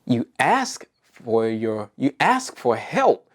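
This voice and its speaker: A woman's voice: very deep voice, big pitch swings, slow pace, husky. A woman leading a preschool circle-time lesson, coaxing the children with questions in a sing-song way.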